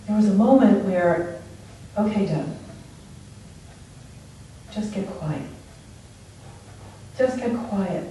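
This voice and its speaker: In an echoey church sanctuary, a woman with a somewhat high voice preaches conversationally, animated and laughing often as she tells stories. A distant mic picks her up along with a faint hiss or hum.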